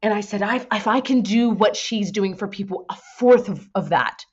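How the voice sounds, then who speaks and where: A woman in her thirties, a voice actor guest on a casual podcast, talking in an emotional, gushing and animated way. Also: mid-range voice, moderate pace, husky, muffled recording. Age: 30s.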